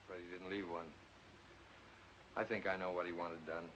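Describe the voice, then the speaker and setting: An actor plays a young American heir to a horse farm who speaks plainly and earnestly, in a very low voice. The sound is muffled, like an old film soundtrack, with a faint hiss underneath. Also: male voice, flat delivery, normal speed, natural voice. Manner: earnest, decisive, plain-spoken. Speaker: horse owner. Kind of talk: 1940s film acting.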